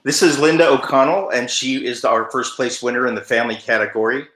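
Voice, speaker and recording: A man's voice: medium pitch, steady tone, fairly quick, fairly bright tone. A man hosting an event who praises a contest winner and introduces the next one in a casual, encouraging way. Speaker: event host. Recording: roomy echo.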